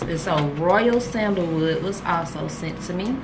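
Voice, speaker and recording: A woman's voice: lowish voice, animated, unhurried, noisy background. A woman, chatting casually and gushing to viewers as she unboxes gifts for her vlog, filmed on a handheld camera. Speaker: vlogger.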